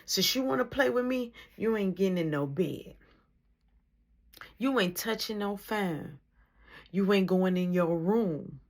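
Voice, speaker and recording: A woman's voice: medium pitch, measured pace, long pauses, close to an everyday voice. A woman voicing a stern angry mother who scolds her son with clipped threats.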